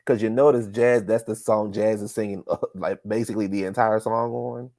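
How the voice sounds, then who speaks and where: A man's voice: fairly low pitch, steady tone, normal speed, a little mellow, no echo, clean studio sound. A man co-hosting a casual podcast chat, insistent and teasing, repeating himself for emphasis. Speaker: podcast co-host.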